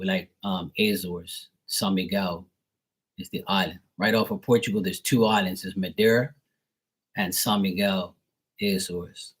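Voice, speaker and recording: A man's voice: fairly low pitch, a bit bright, breathy edge. A young man from Bermuda with a mild Bermudian accent, chatting casually on a livestream, rambling with fillers and repeated words. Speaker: live tarot reader.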